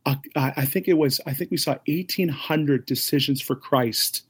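A middle-aged man, a ministry leader, telling an animated story as an interview guest, acting out the voices of others and laughing often. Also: a little high, normal speed, slightly rough.

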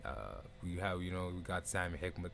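A man's voice: deep voice, expressive, brisk, vocal fry, a bit bright. A man hosting a live stream, laid-back and loose-tongued, swearing freely and dropping Arabic phrases. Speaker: host. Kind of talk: casual live stream chat.

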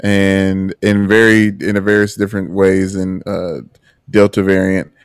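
A man's voice: low-pitched, little pitch movement, measured pace, clear, resonant tone, no echo, studio quality. A man co-hosting a casual podcast chat, talking earnestly with many restarts and repeated words. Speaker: podcast co-host.

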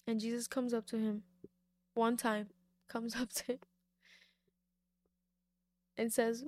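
A woman's voice: a little high, flat delivery, takes it slowly, long pauses, darkish tone, no echo. A young woman giving a devotional talk, reading a Bible story and then reflecting on it in an informal way, repeating key points for emphasis. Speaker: faith speaker.

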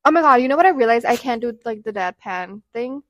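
A young woman co-hosting a podcast in casual chat, animated and chatty, laughing often and swinging quickly between loud and soft. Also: fairly high pitch, dry recording. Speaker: podcast co-host.

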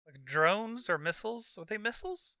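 A man's voice: high voice, lively intonation, normal speed, pushed and bright, dry recording, clean studio sound. A man co-hosting a casual movie podcast, joking sarcastically while defending a film. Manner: wry, sarcastic banter. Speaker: podcast co-host. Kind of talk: casual movie-review chat.

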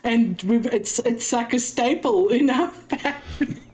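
A woman's voice: on the high side, a little slow, a little mellow, low-quality recording. Casting note: South African woman, talkative interview guest who slips into quoted voices. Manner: chatty storyteller, acts out exchanges with quoted voices. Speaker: podcast guest. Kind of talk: casual interview chat.

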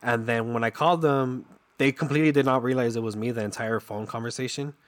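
A man in a casual conversation who laughs often and talks quickly and playfully. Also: medium pitch, steady tone. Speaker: streamer. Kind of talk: casual chat.

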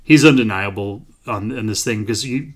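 A man's voice: fairly low pitch, brisk, crowd noise. A man with an American Midwest accent, co-hosting a casual sports podcast and talking in a laid-back, rambling, joking way. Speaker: podcast co-host.

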